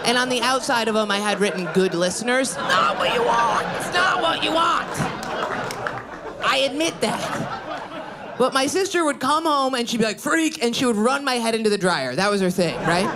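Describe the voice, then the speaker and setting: An American woman performing stand-up on stage, telling a story in a brash, profane way with animated act-outs. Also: on the high side, normal speed, very noisy. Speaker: stand-up comedian. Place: comedy stage with live audience. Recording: live show with crowd laughter.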